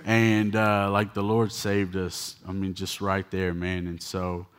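A man's voice: low-pitched, completely flat delivery, slow pace, clear, resonant tone. A man tells a personal testimony to an audience in a casual, rambling, self-mocking way, with plenty of fillers. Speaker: speaker giving a personal testimony.

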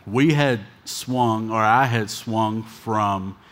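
A man's voice: on the low side, extremely slow, fairly bright tone. A man tells a personal testimony to an audience in a casual, rambling, self-mocking way, with plenty of fillers. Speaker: speaker giving a personal testimony.

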